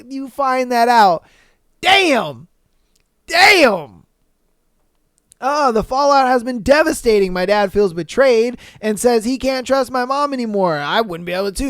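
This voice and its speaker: A man hosting a podcast, reading posts aloud and reacting bluntly in slangy talk with loud exclamations. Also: very high-pitched, clear, resonant tone, no echo, studio quality. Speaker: podcast host.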